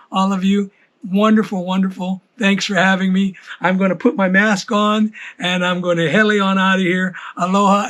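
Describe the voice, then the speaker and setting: An older man performs stand-up in a fairly high voice. He rambles easily, restarting his phrases as he goes. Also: fairly bright tone. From Hawaii. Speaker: comedian. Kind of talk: stand-up routine.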